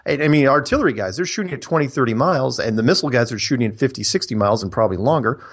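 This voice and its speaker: An emphatic man hosting a call-in talk show. He hammers his points home by repeating them, in a plain mid-pitched voice. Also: expressive, racing, husky. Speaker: radio show host.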